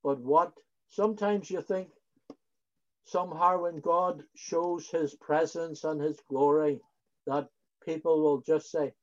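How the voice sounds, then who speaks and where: A man preaching a sermon in an earnest, slow way, with rising emphasis on key words. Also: fairly high pitch, fairly even intonation. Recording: dull lo-fi recording.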